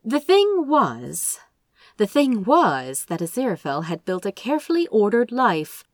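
A woman narrating a story with an expressive, measured reading. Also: medium pitch, no room sound, studio quality. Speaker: audiobook narrator.

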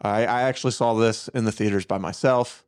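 A man co-hosting a casual movie review podcast, joking and self-mocking as he tells his story with animated energy. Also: on the low side, fairly quick. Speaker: podcast co-host.

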